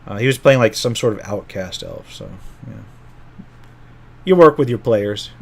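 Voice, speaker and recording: A man's voice: lowish voice, moderate pace, vocal fry. A middle-aged man, a game master, casually telling a rambling story from an old tabletop game and often correcting himself as he goes.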